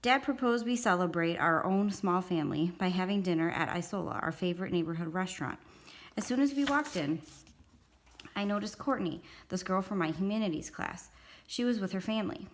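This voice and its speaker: A woman reading a children's chapter book aloud as a storytime host, calm first-person narration. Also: fairly low pitch, a little fast. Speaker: storytime reader.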